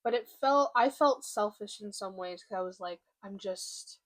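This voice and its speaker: A young woman in a confessional vlog, speaking candidly and haltingly while holding back emotion. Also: mid-range voice. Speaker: vlogger. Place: room by a window, at home.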